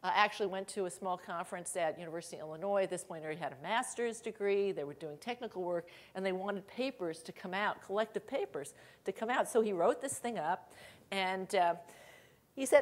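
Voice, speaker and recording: A middle-aged woman speaks at a conference keynote, with a voice of ordinary pitch for a woman. She tells anecdotes in an animated way, laughing as she goes and acting out what people said. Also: fairly quick. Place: conference hall stage.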